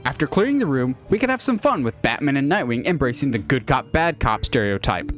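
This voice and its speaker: Animated male narrator, mid-pitched, eager storyteller. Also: brisk, faint music behind. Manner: animated, lively. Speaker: narrator pitching a movie idea.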